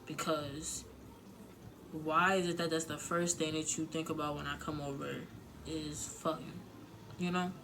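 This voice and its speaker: Speaking unhurriedly in a low, fairly bright voice that barely moves in pitch, a young woman gives her viewers candid, emotional relationship advice in a casual vlog. She's profane and full of fillers. There's a little hiss or hum on this rough recording.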